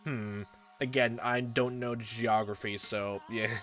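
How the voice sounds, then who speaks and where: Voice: medium pitch, steady tone, takes it slowly, a bit bright. A let's-play host reading a visual novel aloud in a casual, wry way, with rambling asides and faint game music behind.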